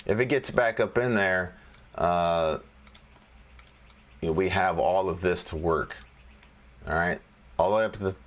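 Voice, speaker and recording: A trading educator with a deep, fairly bright voice does a casual screen-share walkthrough of stock charts. He's chatty and repeats phrases, laughing and joking to himself along the way.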